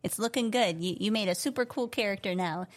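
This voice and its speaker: A woman co-hosting a casual podcast, cheerful and encouraging, quick to praise her partner. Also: mid-range voice. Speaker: podcast co-host.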